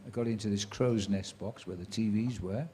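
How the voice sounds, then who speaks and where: A mellow, lowish voice at a moderate pace belongs to a sports commentator in his 70s telling stories from his career to a live audience. Slight background noise sits under his chatty, dry-witted delivery, in which he acts out quoted voices.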